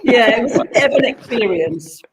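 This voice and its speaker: A woman guest telling an animated, self-mocking anecdote in casual chat. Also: on the high side, a little fast. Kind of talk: casual storytelling.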